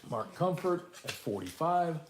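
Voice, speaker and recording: The recording is very noisy, and the host's voice is fairly high and sing-song, a little slow. He chats his way through a casual live coin auction at home, calling bids for viewers and repeating the bids and his co-host's remarks.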